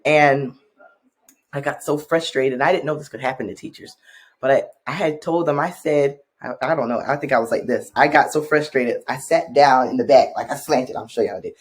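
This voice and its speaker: A man who works as a teacher, co-hosting a podcast and telling stories from class in casual chat, animated and often trailing off quietly. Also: medium pitch, brisk, breathy edge.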